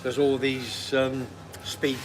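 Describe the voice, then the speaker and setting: A man co-hosting a casual live stream, asking quick, eager questions. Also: medium pitch, flat delivery. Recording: outdoor noise and passing vehicles.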